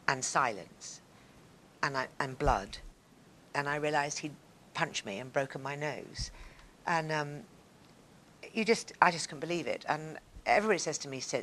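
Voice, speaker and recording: Older woman, low voice, lively intonation, live stage storytelling. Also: a little hiss or hum. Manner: expressive, animated, acts out scenes. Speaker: guest speaker on stage. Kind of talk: personal storytelling to a live audience. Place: stage before a live audience.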